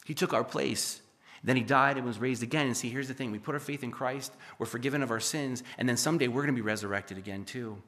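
Man in his thirties, pastor in the pulpit, bright ringing tone, fervent and emphatic. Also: mid-range voice, fast. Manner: building from quiet to fervent, emphatic preaching. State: sweating and dry-mouthed. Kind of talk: sermon.

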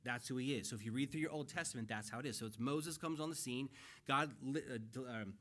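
Here a middle-aged pastor delivers his sermon to the church in its sanctuary, speaking quickly in a medium-pitched, slightly bright voice. He is earnest and conversational, adding emphasis as he works through scripture.

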